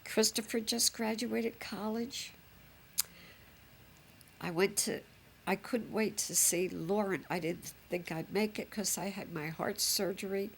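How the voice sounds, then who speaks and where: A woman's voice: medium pitch, fairly even intonation, unhurried, vocal fry, slight background noise. An older woman, a grandmother reminiscing fondly in a chatty, rambling way. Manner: chatty, fond, rambling with fillers. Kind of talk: reminiscing home recording.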